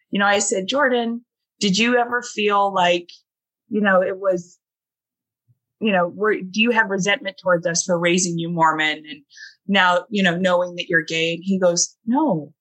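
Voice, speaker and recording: Bright, husky-voiced woman guest. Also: mid-range voice, fairly even intonation, normal speed, low-quality recording. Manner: heartfelt, many fillers, quotes her kids. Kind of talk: emotional storytelling in a podcast chat.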